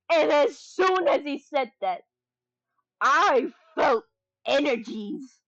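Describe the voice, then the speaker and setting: A woman's voice: sits high, fairly bright tone. A woman streamer chatting casually and rambling, giggling often and swearing freely as she jokes around. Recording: dull lo-fi stream audio.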